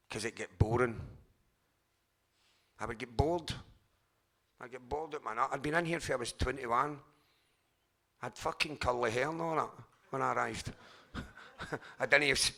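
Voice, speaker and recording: A middle-aged man with a Glaswegian Scottish accent, giving a candid, halting personal share at a recovery convention, swearing freely. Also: mid-range voice, vocal fry, sharp tone. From Scotland, Glasgow. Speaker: speaker sharing at a recovery convention.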